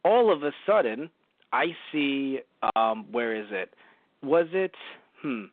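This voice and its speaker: A man's voice: medium pitch, very animated, slow pace, dry recording. A man co-hosting a podcast, reviewing a show in rambling casual chat with a lot of swearing. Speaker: podcast co-host. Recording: dry, phone-like narrow audio.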